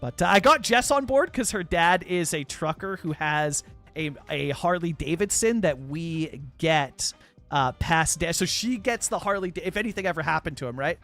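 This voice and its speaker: A young Canadian man with a high, bright, forward voice talks through a live game stream. He rambles in a loose, chatty way, packing in fillers as he answers viewer chat. Soft music plays faintly underneath. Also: normal speed. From British Columbia, Canada. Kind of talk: casual live-stream chat while playing a city-building game.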